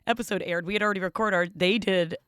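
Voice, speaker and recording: A chatty woman co-hosting a podcast, rambling through stories with a loose, profane, casual manner. Her voice sits at a middle pitch, and the recording is dry and close. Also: steady tone, fast, fairly bright tone, clear, resonant tone, no room sound. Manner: chatty, storytelling, swearing. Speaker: podcast co-host. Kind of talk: casual chat.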